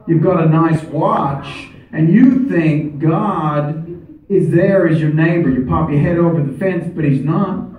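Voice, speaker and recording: A man voicing a rambling, fervent older preacher with a put-on American accent, preaching in bursts and shouts in a stand-up bit. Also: on the high side. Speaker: stand-up comedian. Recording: echoey club, distant mic, loud room noise.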